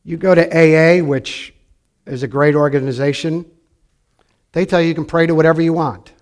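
A pastor preaching a sermon, shifting between quiet, reflective passages and loud, animated storytelling. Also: male voice, fairly high pitch, moderate pace.

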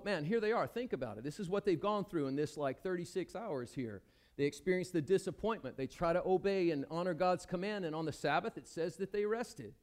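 A man preaching a sermon at a church service, talking conversationally and putting questions to the congregation. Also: sits high. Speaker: pastor.

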